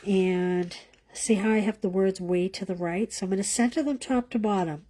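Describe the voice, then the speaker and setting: A woman's voice: medium pitch, normal speed, warm tone. A woman leading a live card-making class, chatting as she demonstrates and thinking aloud, sometimes dropping to a whisper as she works.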